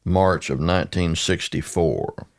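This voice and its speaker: An older man with a very low voice tells stories as a podcast guest. He rambles, circles back and restarts his sentences as he goes, recorded in a studio. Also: unhurried. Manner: rambling, with many restarts and asides. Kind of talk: conversational storytelling. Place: radio studio.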